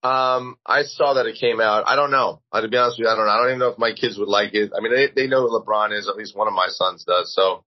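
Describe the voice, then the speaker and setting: A man's voice: on the low side, fast talker, hardly any pauses, dull audio. A middle-aged man chatting as a guest over a video call, rambling with many restarts. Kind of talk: casual chat.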